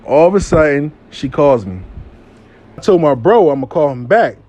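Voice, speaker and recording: A man telling a casual storytime monologue, animated and profane, acting out what people said. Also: fairly high pitch, moderate pace, muffled recording.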